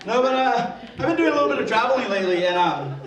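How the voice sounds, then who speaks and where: Young male comic, high voice, crude self-deprecating stand-up with plenty of swearing, heard from afar in a roomy hall. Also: big pitch swings, fast talker. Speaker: stand-up comedian. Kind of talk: stand-up routine. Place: live comedy venue with audience. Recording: echoey room, distant mic, crowd laughter.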